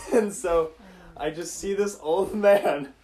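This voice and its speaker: A man's voice: sits high, takes it slowly. A young man chatting casually with friends, telling a funny story with lots of laughter. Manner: animated storyteller, often laughing. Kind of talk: casual chat among friends.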